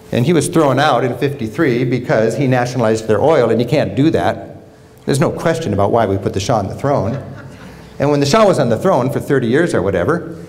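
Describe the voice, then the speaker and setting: A middle-aged American man giving a public travel lecture, telling stories with humor. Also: mid-range voice. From United States. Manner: animated storytelling with humor. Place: lecture hall with audience.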